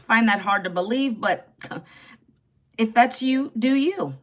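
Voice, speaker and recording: Here the livestream host, a woman in her 50s, sounds on the high side, slow and a bit bright. Recorded on a phone, she keeps her casual stream chatty and sassy, calling out viewers by name and replying to the chat.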